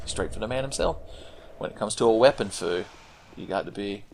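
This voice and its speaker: A man's voice: fairly low pitch, fairly quick, gravelly, darkish tone, a little hiss or hum. A young man giving casual, profane, rambling commentary while playing a video game. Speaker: gaming commentator. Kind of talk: casual let's-play commentary.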